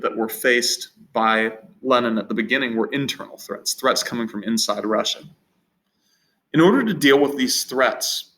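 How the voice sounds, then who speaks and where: A man's voice: mid-range voice, a bit bright, low-quality recording. A man teaching a history lesson in an unscripted, conversational way, often repeating words and restarting phrases. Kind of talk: recorded history lecture.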